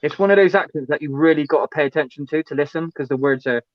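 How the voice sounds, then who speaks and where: A man hosts a laid-back chat, agreeing often and nudging the conversation along with friendly questions. His voice sits a touch high for a man, recorded dry with a slightly dull, muffled top end. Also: quick pace, no room sound. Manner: chummy, agreeable, asks questions. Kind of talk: casual chat.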